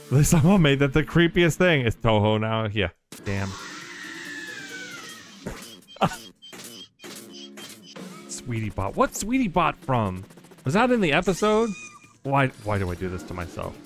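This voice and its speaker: Excitable swearing man streaming a game. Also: medium pitch, a little slow, pauses often, soft background music. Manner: excitable, swears a lot, laughs often, reacts loudly to surprises. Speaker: streamer playing a modded platform game. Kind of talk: casual live gameplay commentary.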